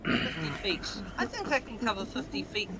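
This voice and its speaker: Hesitant woman thinking out loud. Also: a little high, lively intonation, moderate pace, noisy background. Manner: hesitant, restarts often, thinks aloud. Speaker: player. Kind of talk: casual game chat.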